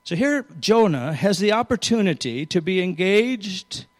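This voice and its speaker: High-voiced preacher man in an echoing hall. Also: big pitch swings, unhurried. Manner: storytelling, reading scripture aloud with changing emphasis. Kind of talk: sermon.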